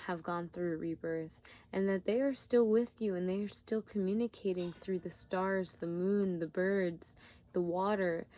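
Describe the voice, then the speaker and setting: A tired woman giving a spiritual tarot reading, talking gently with searching, repetitive phrasing and many fillers. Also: lowish voice. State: yawning, tired. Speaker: tarot reader.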